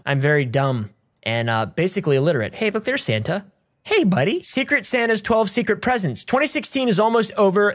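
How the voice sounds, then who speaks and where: A man giving crude, goofy commentary while playing a video game, breaking into yells and made-up song lines. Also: high-pitched. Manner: goofy, crude, yelling in bursts. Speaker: gaming YouTuber. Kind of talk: let's play commentary.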